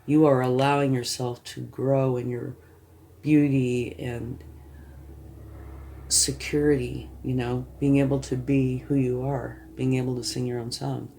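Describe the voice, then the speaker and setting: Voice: mid-range voice, level tone, a little slow, vocal fry, warm tone, slight background noise. A tarot reader giving a reading to the viewer, reassuring and often checking in, thinking aloud while turning cards.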